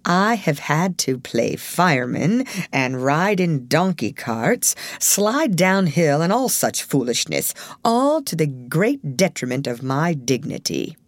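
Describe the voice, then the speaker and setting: A man's voice: fairly high pitch, sing-song, slow pace, hardly any pauses, no echo, studio quality. A woman voicing a pompous older male stage tragedian who laments his lost dignity. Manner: pompous, theatrical.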